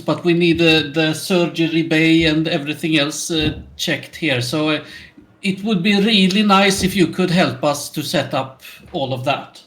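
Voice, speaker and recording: Man, put-on swedish accent, tabletop role-play, slightly high voice, hesitant, lots of ums. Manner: halting, many fillers and restarts. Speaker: player voicing a colony doctor.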